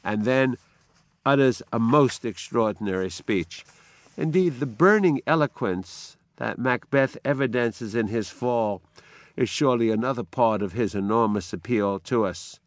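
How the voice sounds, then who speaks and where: A man giving a lecture on drama, explaining the text in a measured way between quotations. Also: mid-range voice, no echo. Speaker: literature lecturer.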